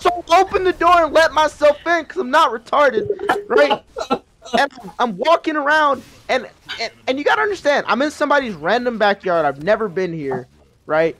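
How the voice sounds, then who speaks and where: A man in his twenties telling a rambling, profane story casually while gaming, breaking into loud, excited bursts. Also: extremely high pitch, normal speed.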